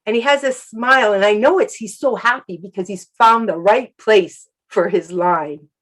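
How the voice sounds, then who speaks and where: A woman who works as an animal communicator, sharing a personal story softly and reflectively in an interview. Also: medium pitch, normal speed, rough recording.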